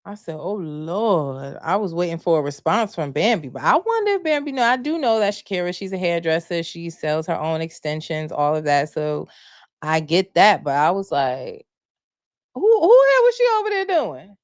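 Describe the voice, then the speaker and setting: Animated woman recapping gossip, low voice. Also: a little fast, no echo, studio quality. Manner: animated, gossipy, rhetorical questions. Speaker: podcast host. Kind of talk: casual live recap chat.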